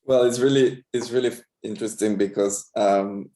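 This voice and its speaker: A man filmmaker talks over a video call, thoughtful and a little hesitant, often restarting his sentences. His voice is mellow and dark. The room around him is echoey. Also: fairly low pitch, steady tone, normal speed. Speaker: filmmaker guest. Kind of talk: casual interview storytelling.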